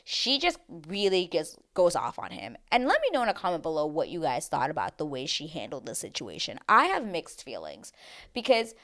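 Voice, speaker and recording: A woman's voice: sits low, huge pitch swings, moderate pace, fairly bright tone. A woman hosting a casual TV recap, chatty and dramatic as she acts out her reactions. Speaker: recap show host.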